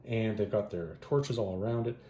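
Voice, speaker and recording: A man casually retelling a fantasy story and reviewing comic adaptations, rambling and animated, correcting himself as he goes. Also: on the low side, normal speed, slight background noise. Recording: roomy echo.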